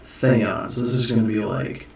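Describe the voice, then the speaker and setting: Slow, gravelly man in an echoey room. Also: mid-range voice, steady tone, a little mellow, far from the mic, slight background noise. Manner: musing, self-correcting, thinking aloud. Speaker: teacher. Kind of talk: casual screen-share lesson.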